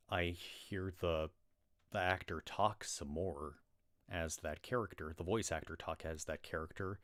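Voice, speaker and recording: An American man chatting casually on his livestream, rambling with many restarts and fillers. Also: low-pitched. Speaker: livestream reader.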